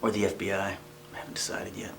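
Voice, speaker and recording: Self-important office manager, lowish voice, full of himself , a man in the role. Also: moderate pace, reverberant, slight background noise, natural voice. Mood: pompous. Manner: pompous, boastful. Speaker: training manager.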